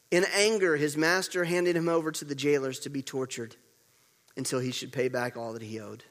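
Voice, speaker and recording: A man preaching a sermon as pastor, moving between loud urgent storytelling and quiet hushed emphasis, repeating words to drive points home. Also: medium pitch, fairly even intonation, brisk. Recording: long reverb of a large hall.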